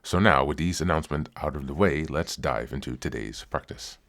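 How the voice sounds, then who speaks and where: Very deep-voiced male podcast host. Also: a little fast, a bit bright. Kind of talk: scripted podcast announcements and intro.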